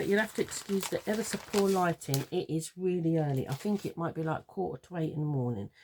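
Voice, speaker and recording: Homely English woman crafter, gravelly low voice, chatty, meandering tutorial delivery, faint background hiss. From London. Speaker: papercraft tutor. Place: home craft room.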